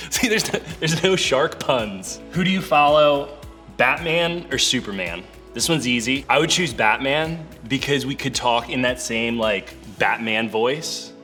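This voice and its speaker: A young man with a bright, ringing voice talks to young people in a loose, joking way, stringing thoughts together with lots of "like." Soft music runs faintly underneath. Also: medium pitch, a little slow. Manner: playful, chatty, full of "like" fillers. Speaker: church youth speaker. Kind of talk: casual video talk to youth.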